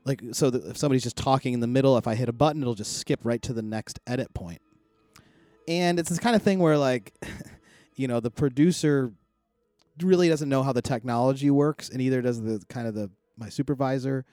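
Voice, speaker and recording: A middle-aged man chatting as a podcast co-host, telling a long, rambling story full of swearing and loud quoted outbursts. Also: medium pitch, brisk, dry recording. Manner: rambling, profane, animated when quoting others. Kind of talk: casual chat, storytelling.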